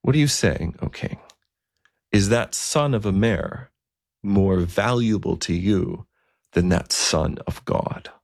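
A man voicing an old, gentle bishop who speaks slowly and gravely. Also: fairly low pitch, exaggerated voice. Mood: reproving.

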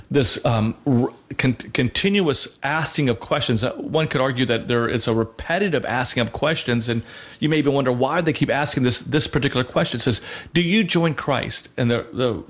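A man in his thirties co-hosting a Christian talk show, teaching in an earnest, conversational way with many fillers and restarts. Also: mid-range voice.

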